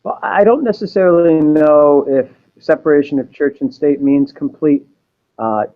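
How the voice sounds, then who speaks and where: A man from Massachusetts answering interview questions in a measured, explanatory way. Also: fairly high pitch. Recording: dull, lo-fi sound.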